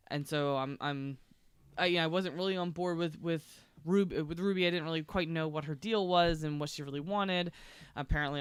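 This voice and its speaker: A woman co-hosting a casual chat, sleepy and yawning, chatty and quick to laugh with lots of restarts. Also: low-pitched, smooth, dry recording. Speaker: co-host. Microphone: streaming mic at a table.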